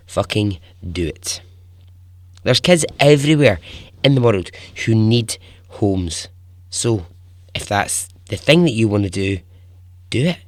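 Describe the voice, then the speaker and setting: A man's voice: lowish voice, no room sound, studio quality. A man hosting a podcast, telling a story in a chatty, informal way, chuckling often and swearing casually. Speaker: podcast host.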